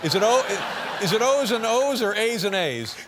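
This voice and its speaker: A man hosting a late-night talk show, interviewing his guest with wry, teasing questions and quick affirmations. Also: sits high, animated. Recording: studio with clear audience and noise.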